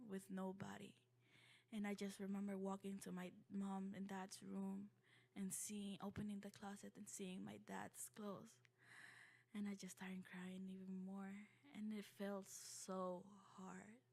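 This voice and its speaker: A young woman from Ecuador telling a personal story in a halting, heartfelt way, full of fillers and restarts. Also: medium pitch, vocal fry, a little mellow.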